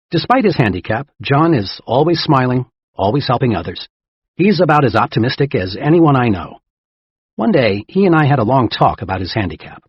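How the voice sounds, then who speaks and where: A man narrating a self-help audiobook in a lively, emphatic reading style. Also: medium pitch, husky, dry recording. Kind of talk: scripted narration. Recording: dull lo-fi dry recording.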